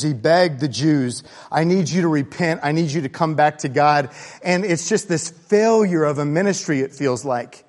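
Animated pastor preaching in a reverberant hall. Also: male voice, a little high. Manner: animated, conversational, jumps between hushed and excited. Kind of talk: sermon. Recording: long reverb of a large hall.

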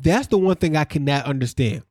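A man's voice: fairly high pitch, expressive, fairly quick, darkish tone, dry recording, studio quality. A man co-hosting a podcast, casually recapping episode events in a storytelling way and laughing often. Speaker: podcast co-host.

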